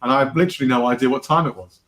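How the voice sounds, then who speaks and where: A man's voice: medium pitch, very fast, a bit bright. A man co-hosting an online show, reading out viewer comments in upbeat, loose chat. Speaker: co-host.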